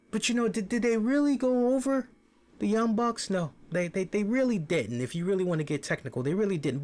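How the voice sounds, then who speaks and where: A man hosting a wrestling review show, giving casual, animated commentary. He swears freely and often repeats words as he starts a thought. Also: medium pitch.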